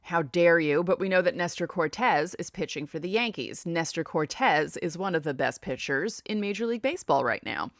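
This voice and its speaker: A woman's voice: fairly low pitch, a bit bright, dry recording, studio quality. A woman with a New York accent hosting a casual solo sports podcast, chatting and thinking aloud as she reads out stats. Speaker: podcast host.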